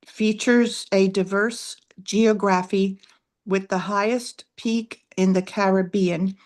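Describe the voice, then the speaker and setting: Woman, reading aloud slowly, halting, stumbles on names, online session. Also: mid-range voice, steady tone, darkish tone.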